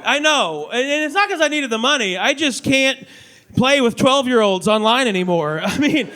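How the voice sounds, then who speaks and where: A man in his thirties doing a stand-up comedy set on a club stage, animated and slipping into mock voices. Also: extremely high pitch, normal speed. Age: 30s. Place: comedy club stage before a live audience. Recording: live club audience faintly heard. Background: audience laughter.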